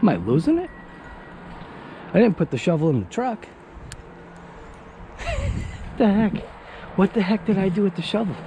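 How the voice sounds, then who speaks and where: Chatty man vlogging outdoors, lively pitch. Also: moderate pace, long pauses. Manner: chatty, laughs often, talks to himself. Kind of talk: casual self-talk vlog. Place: outdoors in a snowy driveway. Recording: loud outdoor wind and vehicle noise.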